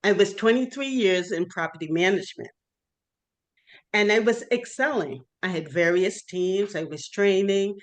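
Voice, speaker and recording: A woman's voice: medium pitch, moderate pace. A middle-aged woman evangelist from Massachusetts giving an earnest, faith-filled testimony speech at a virtual workshop. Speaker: guest speaker, evangelist. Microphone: virtual workshop call.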